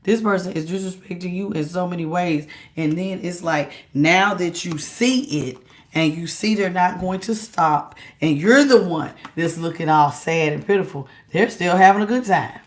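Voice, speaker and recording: A woman reads tarot cards straight to her viewers, animated and emphatic, with loose slangy phrasing. Her voice sits a little on the low side. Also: moderate pace. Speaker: tarot reader. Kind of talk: direct-to-camera tarot reading.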